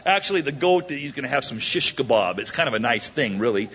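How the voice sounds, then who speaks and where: Animated man preaching a sermon. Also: medium pitch, a little fast, highs cut off, background noise. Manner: animated, jokey, acts out the characters' lines. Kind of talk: verse-by-verse sermon.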